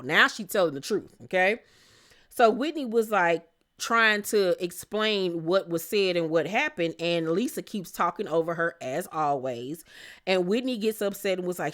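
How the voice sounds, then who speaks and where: A woman's voice: lowish voice, normal speed. Sassy woman recapping reality TV. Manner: sassy, animated, laughs and exclaims. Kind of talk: casual recap commentary.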